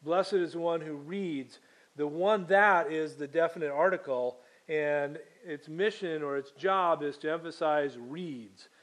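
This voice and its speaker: A man delivers a sermon in a slightly higher than average voice. He reads the scripture aloud slowly and measuredly, then explains it in a teaching tone that is full of fillers and restarts. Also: a bit bright. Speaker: pastor.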